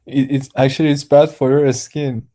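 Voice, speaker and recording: A man's voice: mid-range voice, flat delivery, moderate pace, mellow. A man on a live-stream panel, casually teasing the host. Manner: teasing, laid-back. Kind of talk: casual chat.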